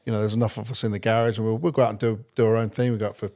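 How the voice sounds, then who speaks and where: A man's voice: on the low side, flat delivery, a little mellow. A man, a pit crew member, answering questions in a casual podcast chat and often repeating words as he starts. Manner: quick, hesitant, repeats words.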